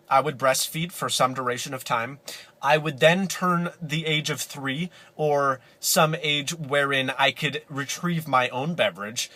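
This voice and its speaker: A man vlogging in a loose, rambling monologue, full of hyperbole and self-interruptions. His voice sounds bright and forward, and his pitch sits mid-range for a man.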